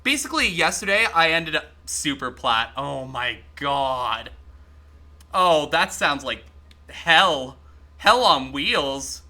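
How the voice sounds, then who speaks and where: A man streaming a game live, chatting excitably with his viewers and swearing freely as he plays. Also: on the high side, slow. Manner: talks to chat while playing. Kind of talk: casual live-stream gaming commentary.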